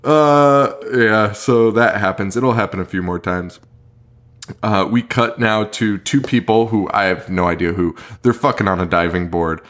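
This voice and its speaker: A man's voice: lowish voice, a little slow, fairly bright tone. A young man co-hosting a podcast, recapping a horror movie in casual talk, swearing a lot and laughing often. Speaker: podcast co-host.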